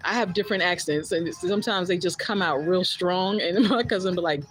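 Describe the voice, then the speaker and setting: A woman's voice: fairly low pitch, a little fast, few pauses, slight background noise, poor audio. A woman with a New Jersey accent chatting casually on a livestream, blunt and candid, swearing freely and answering viewer comments. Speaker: livestream host.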